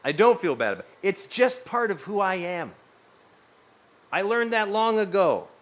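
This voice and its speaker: Animated, rambling young streamer guy. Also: high-pitched, normal speed. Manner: rambling, animated, swears freely. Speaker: livestreamer. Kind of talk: casual livestream chat.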